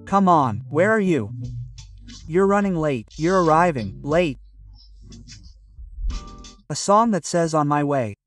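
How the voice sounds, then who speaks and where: Man drilling English phrases, a bit distant. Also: fairly high pitch. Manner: repeats phrases over and over, drilling pronunciation. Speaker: English pronunciation teacher. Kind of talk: phrase-by-phrase language lesson.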